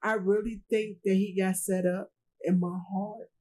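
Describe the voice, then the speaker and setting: A woman being interviewed as a grieving mother, speaking in a halting way, repeating herself and quoting others, with speech. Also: medium pitch, level tone, a little mellow, slightly rough, low-quality recording. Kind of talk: emotional personal testimony.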